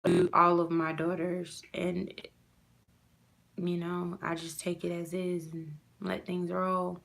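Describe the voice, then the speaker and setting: A woman's voice: fairly low pitch, flat delivery, slow, creaky, a bit bright. A mother pouring out a heartfelt, rambling rant to camera, full of "you know" fillers. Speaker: mother vlogging about her custody loss. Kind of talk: casual personal rant to camera.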